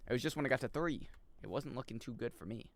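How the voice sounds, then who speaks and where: A man's voice: mid-range voice, quick pace, creaky, dry recording. A man streaming a video game, chatting with viewers and joking as he plays. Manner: excitable, jokey, reacts loudly and reads chat aloud. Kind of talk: live gaming commentary.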